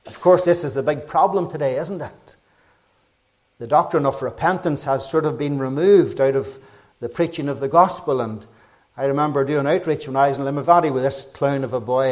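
A middle-aged Northern Irish man delivers a gospel sermon with a slightly raised pitch. He presses each point with urgency, climbing loud and then sinking to a hush. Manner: fervent, urgent preaching with rises and quiet drops. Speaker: preacher.

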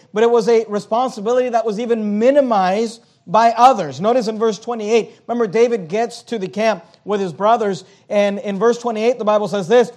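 A man with a high voice delivers a sermon. He reads scripture aloud and explains it with steady, earnest emphasis. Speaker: pastor.

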